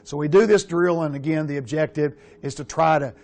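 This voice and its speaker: Gravelly older coach. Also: male voice, a little high, brisk, a little mellow. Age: around 60. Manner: casual, profane, rambling storyteller. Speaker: quarterback coach. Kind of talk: coaching clinic talk.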